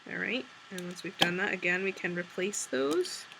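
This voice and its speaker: A woman's voice: lowish voice, normal speed, creaky, noisy background. A woman hosting a craft tutorial, talking casually and steadily through each step while she works with her hands. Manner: chatty, talks while working with her hands. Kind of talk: step-by-step instructional walkthrough.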